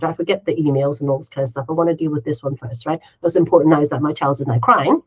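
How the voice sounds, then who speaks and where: Quick and nearly pause-free, this woman's low, darkish, slightly rough voice comes through lo-fi audio. She's co-hosting a relaxed podcast, rambling along conversationally, ending lines with "right?" and performing her inner monologue in short quoted bits.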